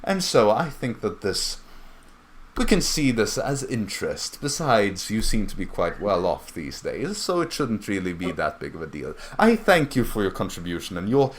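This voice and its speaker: A man voicing a smooth-talking, scheming gang boss who passes himself off as a nobleman, in a tabletop game. His voice sits low but swings widely, and his genteel, condescending tone is full of drawn-out pauses. He sounds pleased with himself and in no hurry. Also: big pitch swings, a little hiss or hum. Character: smooth, scheming male outcast gang leader posing as a noble. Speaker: game master.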